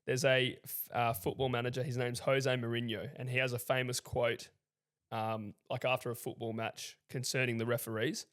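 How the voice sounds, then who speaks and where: A man's voice: medium pitch, flat delivery, moderate pace, fairly bright tone. A man co-hosting a podcast in casual chat, easygoing and rambling, laughing often. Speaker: podcast co-host.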